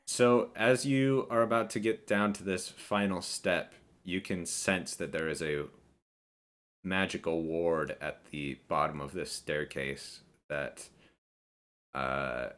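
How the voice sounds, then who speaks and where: Very deep-voiced man running a tabletop game. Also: fairly even intonation, a bit bright. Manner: casual, halting narration with many fillers. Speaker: game master.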